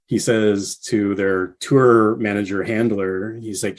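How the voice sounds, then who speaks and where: Low-voiced man telling an excited story. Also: a little slow. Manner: animated storyteller, acts out quotes with rising pitch. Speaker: podcast guest, artist. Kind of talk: casual storytelling interview.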